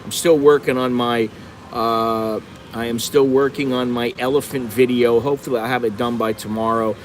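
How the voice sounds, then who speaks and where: A man's voice: medium pitch, fairly even intonation, normal speed, a little hiss or hum, low-quality recording. Foul-mouthed middle-aged man ranting. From United States. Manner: heavy swearing, blunt, digressive storytelling. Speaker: vlogger. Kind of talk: profane live-stream rant. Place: indoors by a window, city traffic outside. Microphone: phone set on a windowsill.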